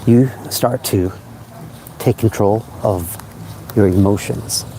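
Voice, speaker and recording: A man's voice: fairly low pitch, slow pace, mellow, a little hiss or hum. A man talking in a rambling, self-help way on a casual livestream, outdoors at night by a parked car, into a phone.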